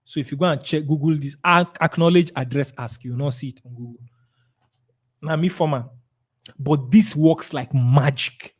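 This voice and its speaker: A man's voice: fairly high pitch, expressive, normal speed. A man with a Nigerian accent giving a live sales training talk, emphatic and repetitive, acting out conversations with clients. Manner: emphatic, repeats key words, acts out client dialogues.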